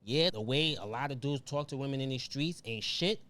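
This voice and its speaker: A man's voice: mid-range voice, moderate pace, a bit bright, no room sound. A man hosting a podcast, making his case in a laid-back, slangy way. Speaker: podcast host. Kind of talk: casual opinionated chat.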